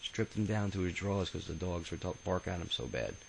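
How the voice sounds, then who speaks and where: Here a low-voiced man with vocal fry recounts his own life quickly and expressively, in the loose style of a casual spoken memoir. Freely profane and rambling, he frequently breaks off for fillers and restarts; the audio is poor, with slight background noise.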